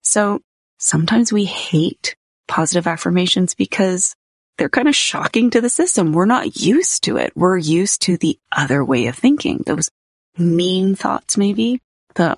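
A woman's voice: lowish voice, lively intonation, unhurried, breathy edge, no room sound, clean studio sound. A woman hosting a solo podcast, talking in a candid, personal way and laughing easily. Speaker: podcast host.

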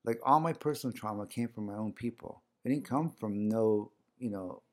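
A man's voice: on the low side, normal speed. A man talking casually as a guest, telling a personal story with lots of fillers and acting out what people said. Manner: rambling with many fillers, acts out quoted dialogue. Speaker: guest organizing a community series.

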